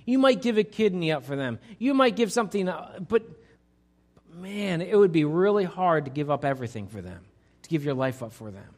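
A pastor preaching a conversational sermon to his congregation, swinging between loud emphasis and quiet, hushed lines. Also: fairly high pitch, big pitch swings, brisk. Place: church sanctuary.

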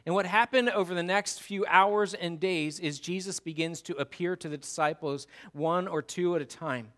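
A man preaching a sermon as pastor, animated, moving between loud storytelling and hushed emphasis. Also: high-pitched, normal speed.

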